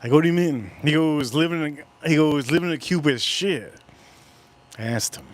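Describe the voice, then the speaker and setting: A man chats loosely on a livestream, his voice pitched a touch high. He rambles through stories, circles back to the same phrases and swears without thinking about it. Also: a little fast. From United States. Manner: rambling storyteller, swears casually, repeats himself. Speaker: whiskey livestream host.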